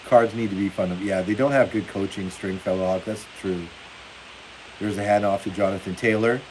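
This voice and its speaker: On a low-quality recording with faint background hiss, a man hosts a football livestream, laughing frequently as he reads out viewer comments in relaxed chat. His voice sits on the lower side, with fairly even intonation and an ordinary pace.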